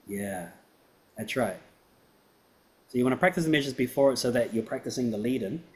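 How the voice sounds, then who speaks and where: A male piano teacher with an even, mid-range voice, giving patient feedback after a student's performance. He talks in a friendly, encouraging way and keeps checking that the student follows him. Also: mid-range voice, brisk. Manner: encouraging, checks understanding with "right?" and "yeah?".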